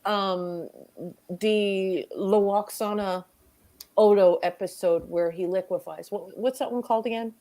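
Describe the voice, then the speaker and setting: A woman's voice: mid-range voice, fairly even intonation, a little slow, mellow. A woman on a casual review podcast, speaking in an earnest, thoughtful and opinionated way.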